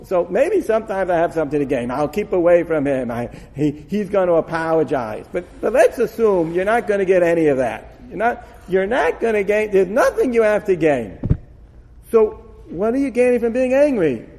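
A man giving an animated Torah lecture, acting out dialogue with frequent laughs. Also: high-pitched, normal speed. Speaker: Torah teacher. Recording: long hall reverb.

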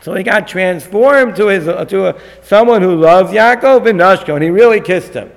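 A man teaching a lecture on a Torah text, animated and acting out the figures in the story. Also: sits high, normal speed, creaky. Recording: long hall reverb.

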